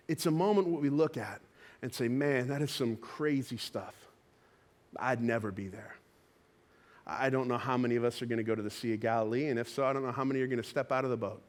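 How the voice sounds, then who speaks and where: A man preaching a conversational sermon, telling a Bible story with lively acted-out quotes. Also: medium pitch. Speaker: pastor. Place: church auditorium.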